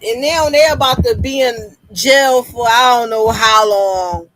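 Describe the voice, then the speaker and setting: A woman's voice: fairly high pitch, a little slow, hardly any pauses, a bit bright, no room sound, poor audio. A woman hosting a live stream, talking casually and animatedly, repeating herself and laughing often.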